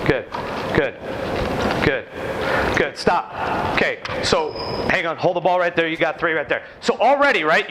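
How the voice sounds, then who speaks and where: A man with a high, ringing voice runs a basketball clinic on an indoor court. He barks out quick drill commands to his players. Between drills he turns to the watching coaches and explains each point. Faint gym noise hums behind him. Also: pushed and bright. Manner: brisk, commanding, calls out quick drill instructions.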